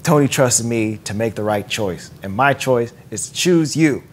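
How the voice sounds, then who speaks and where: A breezy, smooth-talking grown con man with a friendly, offhand manner, as a man puts him on while recapping a film. His voice sits at an ordinary middle pitch. It is a casual put-on in podcast chat. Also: lively intonation, normal speed, slight background noise, close to an everyday voice.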